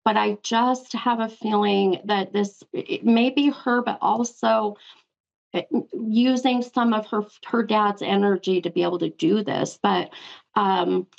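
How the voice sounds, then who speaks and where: A woman's voice: medium pitch, fairly even intonation, measured pace, vocal fry, lo-fi sound. A woman hosting a psychic call-in show, giving an affectionate spirit reading and calling the caller hun. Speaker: psychic medium show host.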